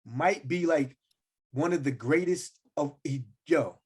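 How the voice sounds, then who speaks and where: A man's voice: fairly high pitch, a little slow, breathy edge. A man co-hosting a podcast, ranting in casual slang and acting out quoted lines. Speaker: podcast co-host. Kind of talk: casual chat.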